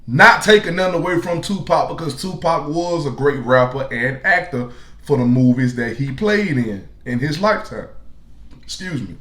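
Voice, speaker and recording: A man hosting a reaction video, giving his opinion in slow, emphatic casual commentary. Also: medium pitch, fairly bright tone, echoey room. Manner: slow, emphatic, drawn-out phrases.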